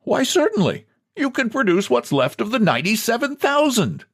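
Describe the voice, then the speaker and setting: A smooth bank president talks down with easy condescension, as a man puts him on. His voice bounces, lively and a little raised. The sound is dry and close. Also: very high-pitched, normal speed, no room sound, voice pushed up, exaggerated voice. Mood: patronizing. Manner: breezy, patronizing.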